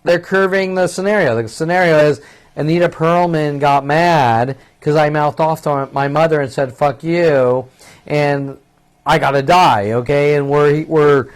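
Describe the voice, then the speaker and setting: A man's voice: on the high side, steady tone, unhurried, smooth. A man in his fifties delivering an agitated, profane, rambling monologue that keeps circling back on itself. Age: 50s. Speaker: vlogger.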